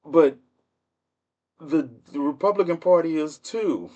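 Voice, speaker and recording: A man's voice: on the high side, big pitch swings, slow pace, a little mellow. A man hosting a livestream with casual political commentary, speaking in with a mocking, laughing, rhetorical manner. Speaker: livestream host.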